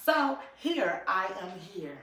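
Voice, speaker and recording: A woman's voice: medium pitch, takes it slowly, far from the mic, a little hiss or hum. A woman YouTube vlogger chatting casually and animatedly to her viewers. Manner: animated, talks straight to viewers. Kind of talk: casual commentary chat. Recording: echoey room, voice off-mic.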